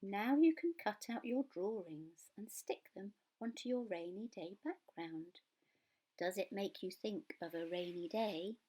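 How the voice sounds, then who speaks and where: Woman craft presenter: calm, warm, slightly husky instructions. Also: mid-range voice, measured pace, rough recording. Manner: calm, friendly step-by-step explaining. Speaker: museum learning presenter. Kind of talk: craft activity instructions for children.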